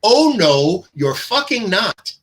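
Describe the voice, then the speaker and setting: A man's voice: sits high, big pitch swings, slow pace, a bit bright. A man hosting a casual political chat, combative and profane, getting heated as he argues. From New York. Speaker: host.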